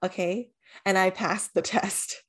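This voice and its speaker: A woman's voice: mid-range voice, fairly even intonation, slow, fairly bright tone. A young woman co-hosting a podcast, chatting casually, laughing and swearing as she acts out little scenes. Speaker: podcast co-host. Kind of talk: casual chat.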